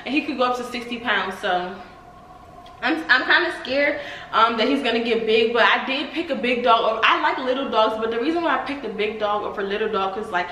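A young woman chatting casually to her viewers in a home vlog, excitable and talkative, often saying y'all. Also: a little high, brisk, echoey room, slight background noise, poor audio. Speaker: vlogger.

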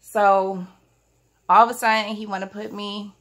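A woman's voice: medium pitch, little pitch movement, unhurried. A woman vlogger telling a childhood storytime at home, chatting straight to her viewers. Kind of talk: casual storytime vlog. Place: at home, family in the house.

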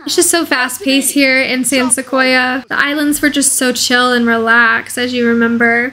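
A woman's voice: high voice, sharp tone, a little hiss or hum, rough recording. A woman hosting a casual let's play video, commentating in a bubbly, gushing way.

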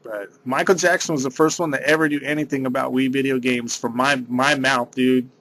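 A man's voice: medium pitch, fairly even intonation, a little fast, fairly bright tone. A man, rambling through a casual vlog monologue and saying "dude" a lot. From San Diego area. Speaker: vlogger.

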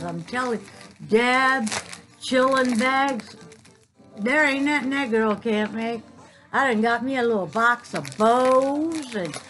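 Gushing woman, slow-talking. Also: fairly high pitch, poor audio. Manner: gushing, excitable, talks straight to viewers. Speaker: crafting vlogger. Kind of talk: casual chat to camera.

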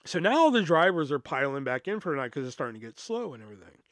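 A man's voice: on the high side, sing-song, fast, a bit bright, no echo. A man hosting a podcast, telling a story in a casual, profane way, full of fillers and asides. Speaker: podcast host.

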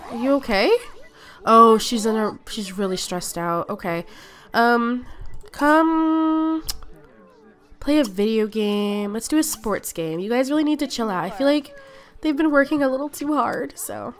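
A woman's voice: a little high, animated, normal speed. A woman hosting a casual let's-play video, chatty and often exclaiming as she talks to her game characters. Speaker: gaming video host.

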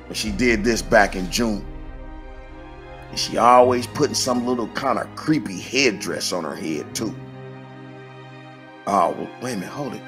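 A man hosting a podcast, giving animated conspiracy commentary in a colloquial, emphatic way and answering his own questions with exclamations. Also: mid-range voice. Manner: colloquial, emphatic, talks back to himself with exclamations. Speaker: podcast host.

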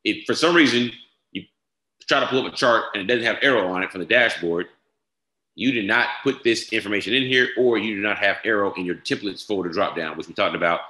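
A man giving a step-by-step software tutorial, repeating each instruction and checking in with "all right?". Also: lowish voice, brisk. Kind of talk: screen-share tutorial walkthrough. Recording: echoey room.

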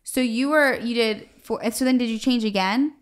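A woman's voice: fairly high pitch, normal speed, smooth. A woman hosting a podcast who mostly offers short agreements and asks follow-up questions. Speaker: podcast host. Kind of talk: casual interview.

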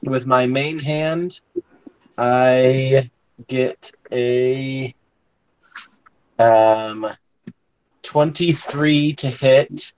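A man's voice: mid-range voice, fairly even intonation, extremely slow, pauses often, clean tone, low-quality recording. A man playing a tabletop game, describing his moves step by step. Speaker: player. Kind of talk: casual game chat.

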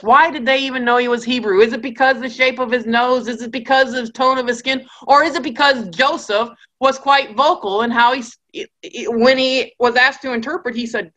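A woman's voice: a little high, fairly even intonation, brisk, few pauses, fairly bright tone. A woman giving a conversational Bible study lecture, with joking asides and acted-out characters.

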